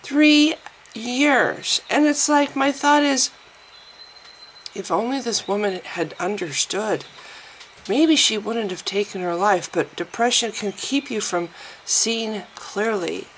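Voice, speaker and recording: Slow, candid woman vlogging at home. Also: medium pitch, slight background noise. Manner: rambling and candid, with restarts and self-deprecating asides. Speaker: video blogger. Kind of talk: casual personal vlog.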